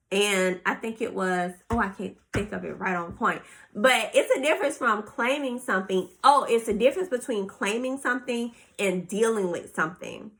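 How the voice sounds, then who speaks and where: Bright, expressive woman podcaster. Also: mid-range voice. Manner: expressive, reads passages aloud then comments, faith-inflected asides. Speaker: podcast host. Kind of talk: casual solo podcast, reading and reflecting.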